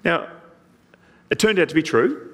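A man's voice: on the high side, unhurried, long reverb tail. A man preaching a sermon as a pastor, telling stories with animation and briefly voicing the people in them. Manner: animated storytelling, voices the people in the story.

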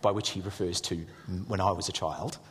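A middle-aged man, preaching a sermon as an animated storyteller who acts out his son's lines. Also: low voice, a little fast, slightly rough. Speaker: pastor. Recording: long hall reverb.

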